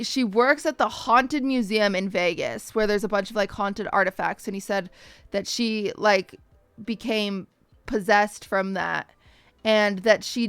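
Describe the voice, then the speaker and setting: A young woman streamer with a smooth, slightly high voice casually tells her chat a story on a dry recording. She's animated, acting out the voices of the people she quotes and swearing freely.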